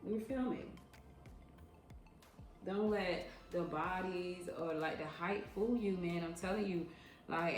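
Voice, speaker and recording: A woman in her thirties telling casual story-time tales in a frank, emphatic way, with slangy repeats for emphasis. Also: on the low side. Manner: slangy, drawn-out repetitions. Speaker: vlogger recounting her years as a club dancer. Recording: echoey room with faint ambience.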